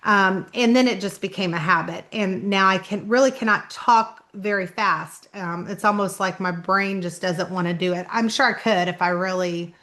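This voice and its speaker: A woman's voice: mid-range voice, moderate pace, hardly any pauses, a bit bright. A middle-aged woman with a slight Southern Indiana twang, chatting casually to camera as an author introducing her channel. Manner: chatty, self-conscious, laughs often. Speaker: author vlogger.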